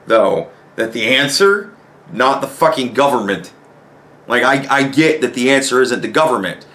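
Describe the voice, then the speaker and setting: A man's voice: medium pitch, fairly bright tone. A man giving ranting personal commentary as host, exasperated and profane, firing off rhetorical questions.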